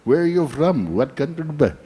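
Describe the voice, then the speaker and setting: A man's voice: on the high side, big pitch swings, normal speed, mellow, a little hiss or hum. A man voicing a curious Indian man who asks questions persistently, in an Indian accent. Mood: insistent.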